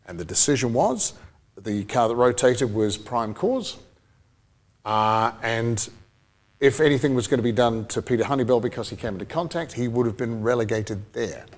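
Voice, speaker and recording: Chatty New Zealand podcast co-host. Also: male voice, medium pitch, expressive, normal speed. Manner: chatty, rambling, laughs easily. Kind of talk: casual chat.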